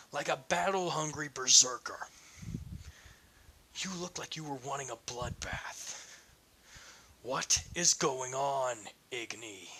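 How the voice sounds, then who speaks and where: A man's voice: a little high, bright, forceful tone, heavily acted. A man voicing an angry, loyal male friend who scolds in an exasperated way.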